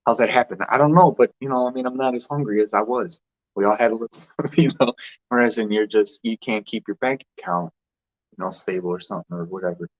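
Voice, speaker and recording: Man host musing aloud in a loose, rambling way; mid-pitched, slightly dull recording. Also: fast. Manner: loose and rambling, with frequent restarts and laughs. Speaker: spiritual vlogger host. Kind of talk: rambling casual monologue.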